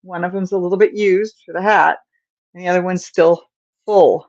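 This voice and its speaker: A woman with a lowish, gravelly voice talks slowly and loosely as she crochets on a livestream, muttering to herself and apologizing to viewers. The sound is dry and dull, like lo-fi stream audio. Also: darkish tone, no echo. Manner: chatty, distracted, talking to herself while crocheting; apologetic, yawning. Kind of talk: casual crochet livestream chat.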